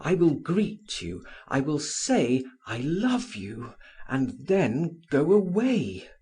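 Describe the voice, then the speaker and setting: A male narrator voicing a passionate young man who pleads in a raised, breathy voice. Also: fairly high pitch, big pitch swings, slow, mellow, pitched above the performer's own voice, exaggerated voice. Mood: pleading.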